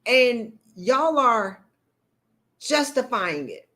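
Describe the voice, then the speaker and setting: A woman lectures her live-stream viewers in a blunt, preachy way. Her voice sits fairly high, and she keeps calling out to them as y'all. She talks with animated energy. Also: drawn-out words. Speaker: leadership coach. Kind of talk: live-stream motivational talk.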